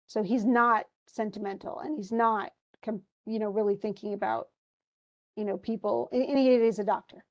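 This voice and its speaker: In a dull-sounding recording, a woman teaching literature reads from a play and stops now and then to chat about what the characters mean. She speaks at a moderate pace in a medium pitch with fairly even intonation.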